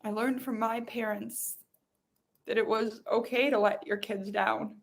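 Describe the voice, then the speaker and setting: A woman's voice: a little high, steady tone, measured pace, vocal fry. A woman hosting a podcast, guiding listeners through an emotional release exercise in a pleading, repetitive way. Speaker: podcast host.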